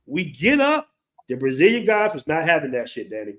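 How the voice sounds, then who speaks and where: A man in his forties with a fairly high voice spins a tale in casual talk. He is animated, acting out the people in the story and cussing casually along the way. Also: brisk. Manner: animated, acts out quoted voices, swears casually. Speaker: host.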